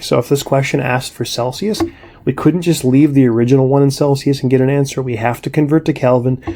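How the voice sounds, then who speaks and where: Gravelly-voiced man teaching chemistry. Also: medium pitch, slight background noise. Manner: relaxed, conversational explaining with frequent "right?" and "all right". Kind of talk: recorded classroom lecture.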